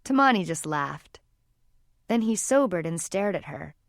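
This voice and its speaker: Calm woman reading an audiobook. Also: on the low side, unhurried, creaky, dry recording, studio quality. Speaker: audiobook narrator. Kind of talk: scripted narration.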